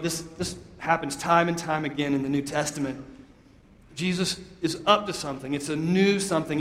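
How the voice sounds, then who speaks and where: Long reverb from an echoey hall surrounds this sermon in a church sanctuary. The preacher, a man whose voice is a little high and fairly bright, speaks emphatically and conversationally as he leads his congregation in call-and-response.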